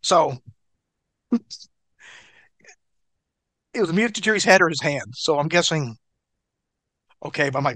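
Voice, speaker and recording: A man telling a story in an animated, profane way, with a bright, forceful voice set a little high. The sound is dry and close, with no room around it. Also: a little slow, pauses often, dry recording. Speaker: interview guest. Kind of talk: storytelling in an interview.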